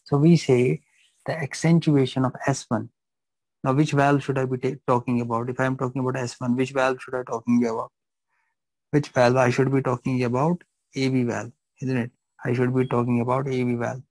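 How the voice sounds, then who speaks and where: Gravelly, flat-voiced male physiology teacher. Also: medium pitch, brisk, no echo, poor audio. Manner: repeats phrases, checks understanding with questions. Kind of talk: live classroom lecture. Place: classroom.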